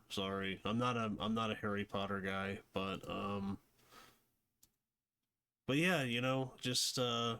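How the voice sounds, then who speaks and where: A man's voice: fairly low pitch, a bit bright, smooth. A man hosting a casual movie review, rambling with many fillers and restarts. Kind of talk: casual unscripted commentary.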